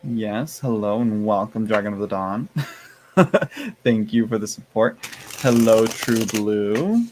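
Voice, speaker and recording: This tarot streamer's voice sits on the low side, expressive and unhurried, with a faint hiss or hum in the recording. He sounds tired as he rambles to his stream with lots of fillers and restarts, yawning occasionally. Calling viewers y'all and honey, he teases them with playful sass.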